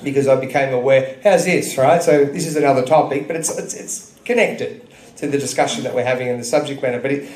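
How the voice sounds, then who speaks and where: This speaker at a public gathering is a man in his thirties whose voice is on the high side with a darkish tone. He tells stories in an earnest, preachy speech to a club audience, and the function room sounds like an echoey hall.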